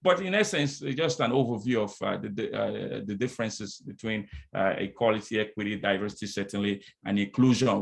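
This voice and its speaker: A man's voice: medium pitch, animated, moderate pace, creaky, fairly bright tone. A middle-aged man who speaks French as well, giving a motivational conference talk on diversity as a consultant, with call-and-response and repeated phrases, heard over a video call.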